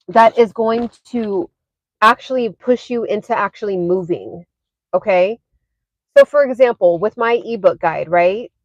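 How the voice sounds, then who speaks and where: A fitness and wellness creator chats casually on a livestream from her parked car, laughing often and using plenty of fillers. Her voice is medium-pitched, and the recording is dry and lo-fi.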